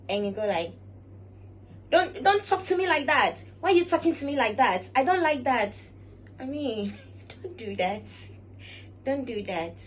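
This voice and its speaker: A woman giving measured, instructive lifestyle advice to camera. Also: mid-range voice, darkish tone, a little hiss or hum, rough recording. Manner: measured and instructive, often recaps with "all right". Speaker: lifestyle vlogger. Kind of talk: casual advice talk to camera.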